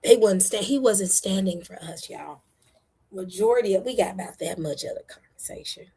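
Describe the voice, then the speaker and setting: A husky-voiced woman, talking straight to her viewers. She is blunt and impassioned and hammers her points home by repeating them, all in a loose, casual commentary style. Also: mid-range voice, moderate pace, mellow. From United States. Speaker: online show host.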